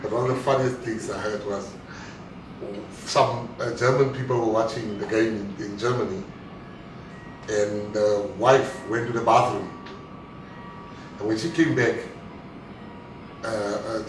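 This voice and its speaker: A man's voice: on the low side, fairly even intonation, a little slow, long pauses, soft background music. A South African man giving a live speech to an audience, telling jokes and acting out what others said. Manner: joking storyteller, acts out quotes. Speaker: guest speaker. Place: event hall. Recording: echoey hall, mic far off, noisy.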